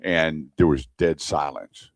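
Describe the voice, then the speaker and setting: Deep-voiced radio host spinning a story. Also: male voice, takes it slowly, no room sound. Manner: lively storyteller who acts out the people in his tale. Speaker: radio show host and car-buying advisor. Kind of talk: radio talk show storytelling. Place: radio studio.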